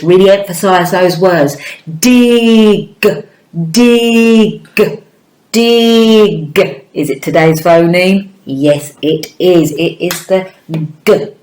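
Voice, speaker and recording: A woman teaching phonics to young children, speaking very slowly and warmly encouraging. Her voice sits a little low, and the room around her is echoey. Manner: slow, encouraging, sounds words out.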